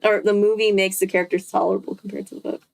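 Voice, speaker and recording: A woman's voice: mid-range voice, little pitch movement, very fast, vocal fry, darkish tone. A woman reading a book aloud, breaking off often to react and laugh. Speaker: host.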